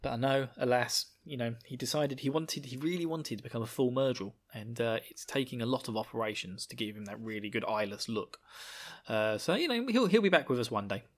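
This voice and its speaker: A man's voice: mid-range voice, animated, brisk. Male podcast host, jokey, rambling casual talker. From United Kingdom. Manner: rambling, jokey, laughs at own jokes. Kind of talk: casual chat.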